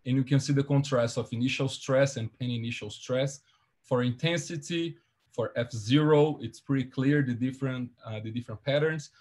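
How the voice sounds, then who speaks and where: A man presenting a linguistics seminar over a video call, his pitch sitting in an ordinary middle register. He talks through each slide carefully and methodically, in a calm explanatory tone. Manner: explains slides step by step in measured academic tone.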